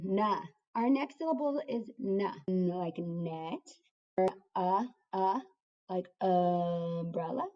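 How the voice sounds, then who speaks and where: A woman's voice: medium pitch, far from the mic. A young woman teaching a kindergarten writing lesson, sounding words out syllable by syllable. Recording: dull lo-fi recording.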